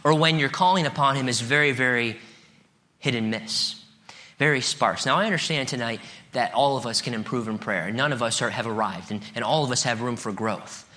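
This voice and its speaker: Middle-aged pastor preaching, talks casual then builds up loud, bright forceful voice. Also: male voice, mid-range voice, a little fast. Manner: conversational preaching with rising emphatic peaks and scripture reading. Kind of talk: sermon.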